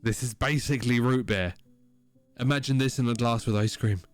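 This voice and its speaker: Male co-host, relaxed banter, casual swearing, light music underneath. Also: medium pitch, normal speed. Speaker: podcast co-host. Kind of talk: casual chat.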